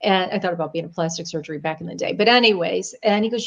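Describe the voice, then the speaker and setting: A woman from the Niagara Falls area, a guest psychic medium chatting casually and telling animated stories with frequent laughs. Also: fairly low pitch, fast talker, few pauses, lo-fi sound. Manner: chatty, animated storyteller who laughs often. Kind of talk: casual podcast chat.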